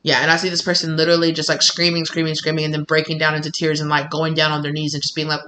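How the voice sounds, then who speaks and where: A man reads tarot at home in an animated, chatty way, often slipping into the voices of the people he describes. His voice sits a little high and rings bright and forceful. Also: rapid-fire, hardly any pauses, slight background noise, rough recording. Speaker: tarot reader. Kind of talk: casual intuitive tarot reading to camera.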